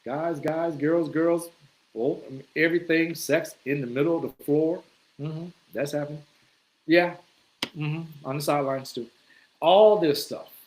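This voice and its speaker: A man with a voice sitting a little on the high side tells stories to camera. He speaks in a loose, conversational way, swears freely and acts out his own reactions along the way. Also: fairly even intonation, unhurried, darkish tone, rough recording. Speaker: vlogger. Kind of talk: casual storytelling monologue.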